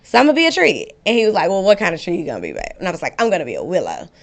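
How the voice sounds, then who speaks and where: A woman in casual chat, a lively storyteller who laughs as she talks. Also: lowish voice, very fast, vocal fry. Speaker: panel discussion guest.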